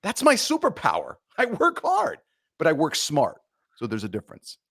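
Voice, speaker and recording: Male guest, motivational and punchy, pitch swinging widely, dry close sound. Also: wildly swooping pitch, moderate pace, creaky, fairly bright tone, slightly rough, no echo. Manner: emphatic, punchy, coaching tone. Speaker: podcast guest. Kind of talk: motivational talk in an interview.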